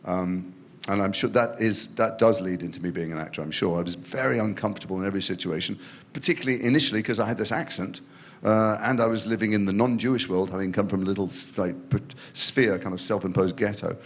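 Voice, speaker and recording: A middle-aged man from England talks in a fairly low voice as a guest in an interview. He tells long, rambling stories and pokes fun at himself as he goes. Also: fast talker. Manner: rambling self-deprecating storytelling. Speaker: guest actor. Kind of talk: in-depth interview conversation. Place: festival stage before a student audience.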